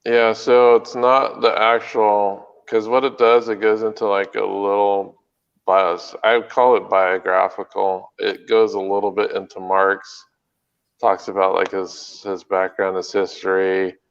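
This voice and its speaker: A man's voice: lowish voice, level tone, a little slow, gravelly, smooth, lo-fi sound. A man co-hosting a podcast, chatting casually and rambling with lots of fillers. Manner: rambling, hesitant, many fillers. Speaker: podcast co-host. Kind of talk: casual chat.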